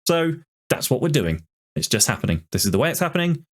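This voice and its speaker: A man's voice: mid-range voice, sing-song, fast talker. A man commentating on his football management game, ranting in exasperation about it. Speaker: gaming YouTuber.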